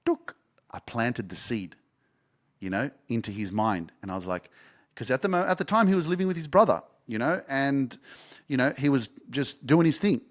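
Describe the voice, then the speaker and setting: A man's voice: medium pitch, very animated, normal speed. A young man hosting a podcast, telling a personal story in a casual, rambling way and swearing freely. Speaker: podcast host and life coach.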